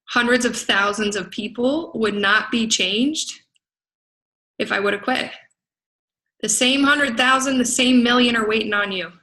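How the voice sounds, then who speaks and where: A woman's voice: on the high side, bright, forceful tone, low-quality recording. A middle-aged woman, a business coach, giving an emphatic motivational talk to a group, laughing often and asking "right?". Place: event venue in Las Vegas.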